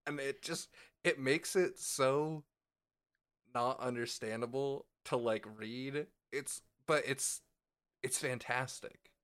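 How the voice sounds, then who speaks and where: A man's voice: medium pitch, slow pace, fairly bright tone, clear, resonant tone. A man co-hosting a podcast in casual chat, laid-back and jokey, swearing freely. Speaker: podcast co-host.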